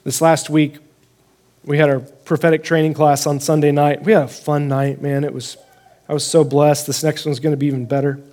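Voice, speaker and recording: A young adult man pastor telling a personal story in a conversational sermon, animated and rising when he proclaims scripture. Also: on the high side, normal speed.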